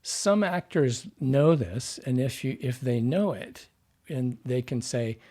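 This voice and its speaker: A man with a husky, slightly breathy voice talks like a patient teacher. He breaks down speech sounds step by step and voices examples as he goes. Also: medium pitch, slow. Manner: animated teacher, demonstrates sounds as he explains. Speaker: dialect coach guest. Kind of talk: explanatory interview talk.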